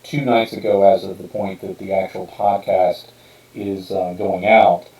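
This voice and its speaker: Deep-voiced man talking in an echoey room. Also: flat delivery, measured pace, mellow, recorded from a distance. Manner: rambling, many fillers and restarts. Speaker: podcast host and author. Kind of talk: casual podcast talk. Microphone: streamed podcast mic.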